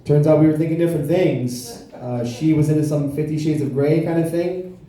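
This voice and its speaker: A man performing stand-up comedy with a dry, self-deprecating delivery. His voice sits a little high and sounds very dark and mellow. It rings out in a very echoey club room. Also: brisk. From South Florida. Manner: deadpan, self-deprecating storytelling.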